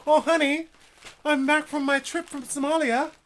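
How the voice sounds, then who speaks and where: A man voicing a gushing rich woman back from a trip, in a high, sing-song, mocking voice. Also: steady tone, normal speed, a bit bright.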